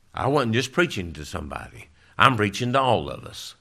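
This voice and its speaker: A male pastor preaching a sermon, emphatic, swinging from loud declarations to low, quiet lines. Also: sing-song, normal speed, few pauses.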